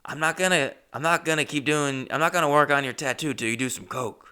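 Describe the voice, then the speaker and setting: A man's voice: on the high side, fast talker, sharp tone, clear, resonant tone, voice pushed up. A man voicing a drunk, coked-up tattoo artist who talks in profane, clipped street slang. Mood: menacing. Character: drunk, coked-up male tattoo artist, hard-edged felon.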